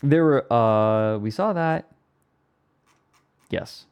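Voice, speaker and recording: A man's voice: mid-range voice, lively intonation, drawn-out words, a little mellow, clean tone. A man live streaming who chats casually, rambling and amused with himself. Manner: rambling, self-amused, breaks into laughter.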